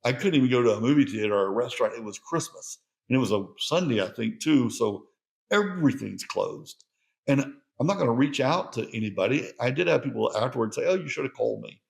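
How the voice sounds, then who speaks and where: A man's voice: mid-range voice, animated, brisk, creaky. A man hosting a solo podcast, speaking in an earnest, conversational and reflective way. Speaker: podcast host.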